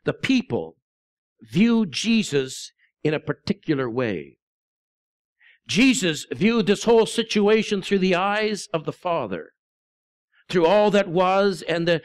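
A man delivers a church sermon in a notably high-pitched voice. His tone is smooth and resonant. He stumbles over repeated words, then draws out key phrases slowly for emphasis. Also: fairly bright tone. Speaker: pastor. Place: church sanctuary.

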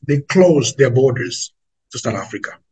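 A man's voice: medium pitch, lively intonation, normal speed, darkish tone, husky, rough recording. A man with an Angolan accent preaching to an online audience, emphatic and repetitive, calling his listeners family.

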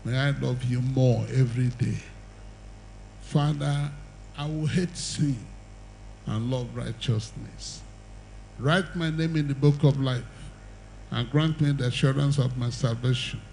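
A man's voice: mid-range voice, steady tone, measured pace, vocal fry, long pauses, a little mellow, a little hiss or hum, rough recording. An older man preaching an evangelistic sermon and altar call, with emphatic, repetitive exhortation and the odd chuckle.

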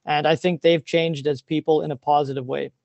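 A man's voice: a little high, steady tone, a little fast, vocal fry, a little mellow, no echo. A man, a teacher giving an earnest, openly emotional presentation over a video call, with many ums.

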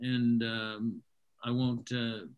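A man's voice: medium pitch, flat delivery, very slow, phone-quality sound. A man hosting a live online comedy show over a video call, wrapping up with dry, self-mocking wisecracks.

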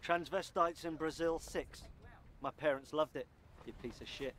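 A man's voice: on the high side, moderate pace, a bit bright, slight background noise, close to an everyday voice. An actor playing a sarcastic young man who mocks his friend. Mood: mocking. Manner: sarcastic, mocking. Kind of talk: film acting.

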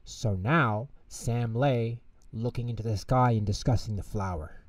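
A man narrating a bedtime story in an expressive, measured way. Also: medium pitch, no echo, recorded from a distance. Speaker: storyteller host.

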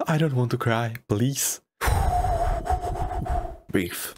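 A man reacting to anime in a casual, gushing way, his voice jumping high in excited outbursts and laughs. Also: a little slow, very noisy. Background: anime music playing.

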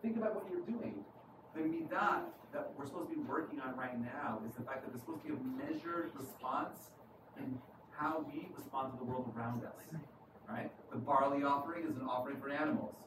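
A man's voice: medium pitch, steady tone, fairly quick. A man with a New York accent, a rabbi giving a conversational sermon and often asking "right?" to his listeners. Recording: echoey room from far off, noisy.

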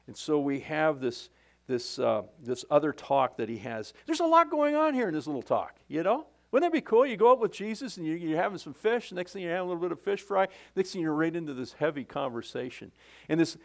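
A man's voice: a little high, big pitch swings, a little fast, creaky. A middle-aged male pastor preaching a sermon in a conversational, folksy way, often restarting his sentences.

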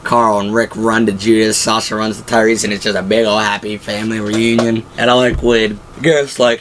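A man giving a casual, excitable recap of TV episodes, acting out the quotes as he goes. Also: on the low side, a little fast, hardly any pauses, a little hiss or hum. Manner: excitable, acts out quotes from the show. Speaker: video host.

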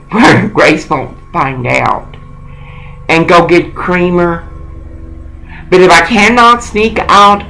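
A middle-aged man with a gravelly, fry-laden voice pitched a bit high for a man. He rambles through a one-sided phone call in a coaxing, profane way. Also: pushed and bright. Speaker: caller.

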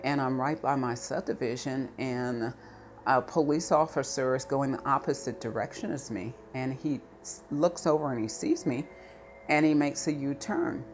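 Middle-aged woman, low pitch, interviewee storytelling, gets heated; faint hiss under her. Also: moderate pace. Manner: animated, rising to anger when recalling. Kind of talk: personal storytelling.

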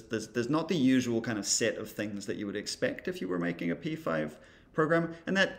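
A man with a lowish, gravelly voice teaches creative coding in a casual screen-recorded tutorial. He thinks aloud while demonstrating, with a wry, dry sense of humor.

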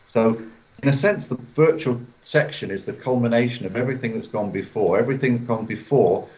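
A man being interviewed as a guest author over a video call, explaining in a measured way and acting out example phrases. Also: medium pitch, a little mellow, poor audio. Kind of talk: interview answers. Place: hotel room.

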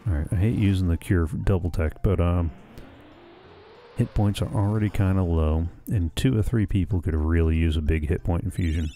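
A man's voice: low voice, moderate pace, dark tone, a little hiss or hum. A man hosting a let's play, chatting casually and musing aloud as he plays through a game. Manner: chatty, muses aloud, reads game dialogue plainly. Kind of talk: casual gameplay commentary. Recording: faint game music behind.

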